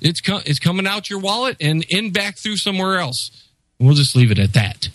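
A man's voice: high-pitched, animated, normal speed, fairly bright tone, dry recording, poor audio. An American man co-hosting a casual political chat, exasperated and ranting. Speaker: podcast co-host.

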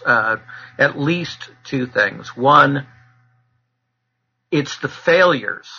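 Male expert guest: intense, lecturing delivery with pauses; dull lo-fi recording. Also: mid-range voice, bright, forceful tone, breathy edge. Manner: measured, lecturing, many filler pauses. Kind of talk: explanatory interview answers.

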